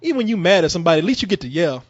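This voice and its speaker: A man's voice: sits high, sing-song, racing. A man rambling through profane jokes in casual banter, with restarts and mock quotes. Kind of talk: crude comedic banter. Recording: dull lo-fi recording.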